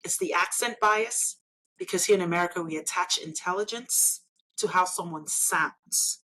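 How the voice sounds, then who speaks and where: A woman's voice: fairly low pitch, normal speed, sharp tone, poor audio. A woman from Nigeria, speaking as an interview guest. She argues emphatically and persuasively, often tagging her points with "right?". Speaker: interview guest, engineer and elected official. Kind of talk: conversational interview.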